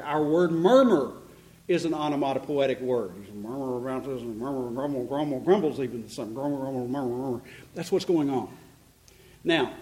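A man preaching an expository sermon in a church, animated and climbing in pitch to stress points, with frequent restarts. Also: poor audio. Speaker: pastor.

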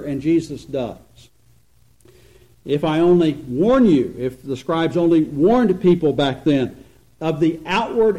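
A man preaching an expository sermon, earnest and emphatic, slowing down to stress points and swinging between loud and quiet. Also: on the high side, rough recording. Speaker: pastor.

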